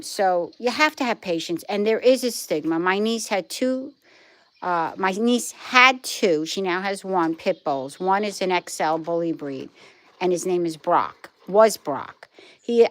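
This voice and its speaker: With a medium-pitched, fairly bright voice and an unhurried pace, a middle-aged woman from Brooklyn casually chats with live-stream viewers about their comments. She rambles through stories, trailing off and restarting, and there's no echo.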